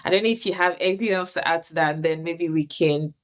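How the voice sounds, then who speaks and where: A woman's voice: fairly low pitch, quick pace. A woman hosting a reflective faith conversation, talking earnestly and searching for her words with many restarts. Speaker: host.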